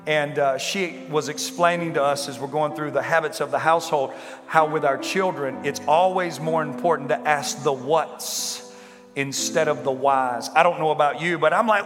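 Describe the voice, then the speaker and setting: A man with a high, bright voice preaches a sermon, working up to fervent shouting and stacking question on question. His voice rings out through a large hall with a long reverb tail. A faint instrument plays softly behind him. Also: moderate pace, soft background music. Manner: builds to impassioned shouting, repetitive rhetorical questions. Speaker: pastor.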